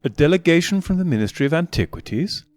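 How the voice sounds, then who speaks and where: A male audiobook narrator voicing a butler who speaks with slow, deliberate, condescending politeness, pitched above his usual voice. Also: big pitch swings, darkish tone.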